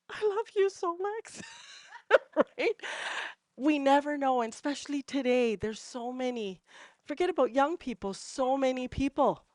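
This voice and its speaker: A woman's voice: on the high side, no room sound, clean studio sound. A middle-aged woman from Canada telling personal testimonial stories to a group in a chatty way, with many fillers and laughing at herself. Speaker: entrepreneur sharing testimonials. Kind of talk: casual storytelling to a group.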